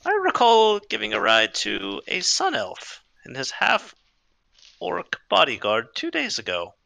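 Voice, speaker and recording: A man's voice: high voice, huge pitch swings, creaky, bright, forceful tone, no echo, voice pushed up, full character voice. A man voicing a haughty, forgetful female talking horse who drawls and hums as she thinks. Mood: drawling. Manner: slow drawling with musing hums.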